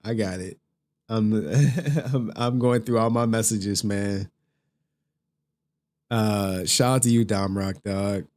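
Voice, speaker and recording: A man's voice: medium pitch, darkish tone. A young man streaming live, chatting casually with slang and cursing, breaking into laughter often. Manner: laughs often, slangy and profane, slow drawl.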